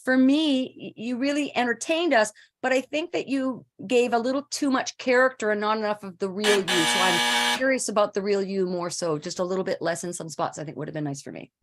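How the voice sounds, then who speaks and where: A woman's voice: medium pitch, fairly quick. A woman judging a voice-over contest, giving chatty, encouraging live feedback with fillers. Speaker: judge on a voice-over competition.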